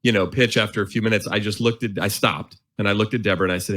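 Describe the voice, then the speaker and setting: A man in his forties, an author and guest, telling an animated, self-mocking story and acting out his inner voice. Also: on the low side, racing, hardly any pauses. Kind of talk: storytelling in a conversation.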